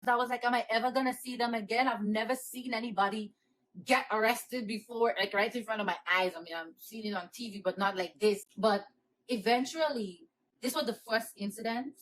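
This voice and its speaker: A woman's voice: on the high side, a little fast, fairly bright tone, poor audio. Earnest New woman telling a story. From New York. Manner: earnest, emotional retelling with rising, pleading cries. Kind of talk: personal storytime monologue.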